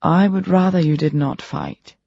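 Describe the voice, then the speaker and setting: A narrator doing a soft-spoken, courteous doctor. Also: medium pitch, vocal fry, dry recording. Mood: calm. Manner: polite, measured, formal. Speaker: audiobook character. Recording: dull lo-fi recording.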